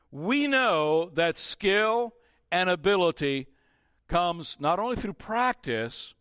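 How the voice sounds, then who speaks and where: A man's voice: high voice, a bit bright, clear, resonant tone, no room sound, clean studio sound. A man preaching a sermon as pastor, often asking the congregation questions and restarting his phrases. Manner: asks the congregation rhetorical questions; restarts phrases and repeats himself.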